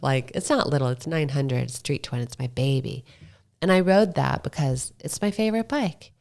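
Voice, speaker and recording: A woman filmmaker chatting as a podcast guest, telling lively stories and quoting herself. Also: rumbling low, moderate pace, gravelly. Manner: animated storytelling, quotes herself. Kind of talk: casual interview chat.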